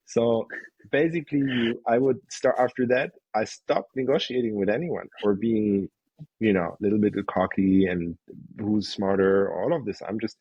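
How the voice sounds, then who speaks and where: A man being interviewed as an investor, telling emotional, animated stories and acting out quotes. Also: on the low side, moderate pace, slightly rough, dry recording, highs cut off. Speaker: guest investor. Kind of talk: candid interview talk.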